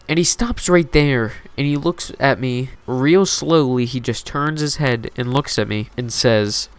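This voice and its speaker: A man's voice: medium pitch, moderate pace, few pauses, smooth. A man telling a story to his channel in a loose, rambling way, swearing often and leaning on filler words. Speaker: YouTube storyteller. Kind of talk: casual storytime narration. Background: faint background music.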